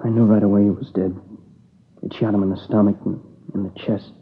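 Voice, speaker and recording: A man's voice: lowish voice, little pitch movement, breathy edge. An actor playing an exhausted, tearful young man who halts and speaks in a subdued voice as he recounts his friend's murder. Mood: grieving. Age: young adult. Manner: halting, subdued, weary. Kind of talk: dramatic dialogue. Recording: tinny lo-fi old broadcast.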